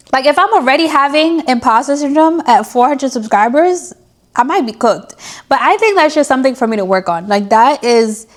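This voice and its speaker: A woman's voice: sits high, moderate pace. A young woman vlogger in a candid diary-style talk to camera, chatty and self-mocking as she gives an emotional pep talk.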